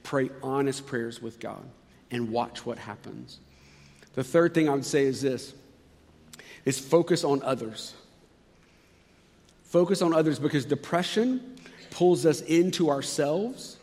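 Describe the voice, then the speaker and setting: A man's voice: mid-range voice, expressive, measured pace, long pauses, darkish tone. Earnest preacher man in a reverberant hall. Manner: earnest, acts out prayers with sudden shifts in volume. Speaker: pastor. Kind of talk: sermon.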